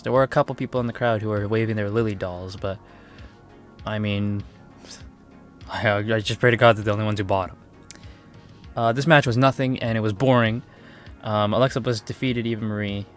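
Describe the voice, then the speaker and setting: A young man talks through a casual review in a mid-pitched voice, turning sarcastic and exasperated as he goes. He swears freely and rants about what let him down. Faint music plays behind him. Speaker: wrestling reviewer.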